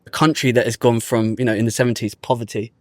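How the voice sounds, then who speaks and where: A man's voice: mid-range voice, quick pace, no echo. A man from the UK, a podcast guest who tells his story casually and acts out the people he quotes. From United Kingdom. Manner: lively storyteller, acts out quoted people, uses London slang.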